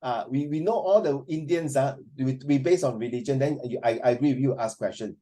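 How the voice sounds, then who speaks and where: A man's voice: mid-range voice, fairly quick, warm tone. A middle-aged male teacher with a Singaporean accent leads a classroom discussion, teasing his students and calling on them by name. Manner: teasing, mixes English and Mandarin, calls on students by name.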